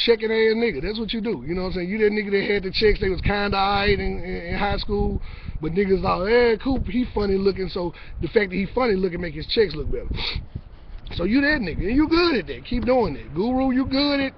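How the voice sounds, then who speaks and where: Brash high-voiced man trash-talking. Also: slight background noise. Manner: brash, boastful, profane. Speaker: battle rapper vlogging. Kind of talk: casual trash-talk monologue to camera. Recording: dull lo-fi sound.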